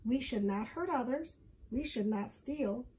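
Woman reading a patient schoolteacher, gentle, explaining, animated. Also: on the high side, unhurried, a little hiss or hum.

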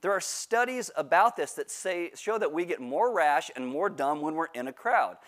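A man's voice: a little high, expressive, moderate pace, a bit bright. A male pastor giving a sermon, telling a self-mocking personal story in a joking way. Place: church livestream.

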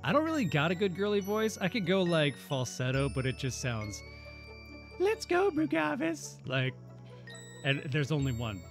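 A man's voice: a little high, lively intonation, a little fast, few pauses, faint music behind. A man hosting casual let's-play commentary, playful and jokey, reading game lines aloud. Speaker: gaming channel host.

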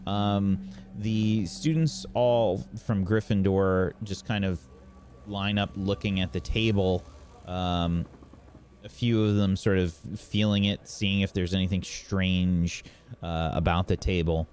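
A man acting as game master, narrating the scene in a relaxed, meandering way with many fillers. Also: low-pitched, slow.

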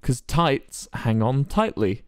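A man hosts a game stream and chats casually the whole way through, ribbing his friends in a mock-serious, teasing way. His voice sits at an ordinary middle pitch for a man, and he keeps things loose and joking. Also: big pitch swings, slow, clean tone, no room sound, studio quality. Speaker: stream host. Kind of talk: casual chat while playing a game.

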